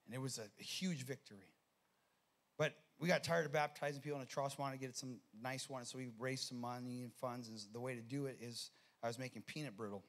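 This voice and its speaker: A man preaching a sermon as pastor, telling a story with animated energy and frequent repeated words. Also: mid-range voice, a little fast. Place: church sanctuary.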